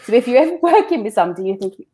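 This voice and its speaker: A woman's voice: a little high, very animated, racing, dark tone, husky. Chatty businesswoman with many restarts. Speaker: business owner guest. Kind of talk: casual interview talk.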